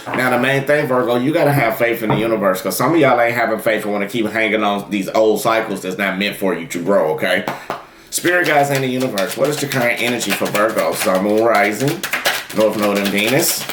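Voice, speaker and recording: A man's voice: lowish voice, background noise. Man giving a tarot reading in an echoey room. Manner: talks directly to viewers, drawn-out, emphatic calls. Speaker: tarot reader. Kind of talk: tarot reading with guided meditation.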